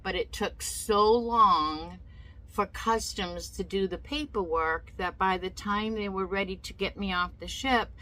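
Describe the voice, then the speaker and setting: A woman's voice: medium pitch, a little slow, bright, forceful tone, poor audio. A woman telling a personal story in a casual vlog, emotional and indignant, often repeating herself. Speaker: vlogger.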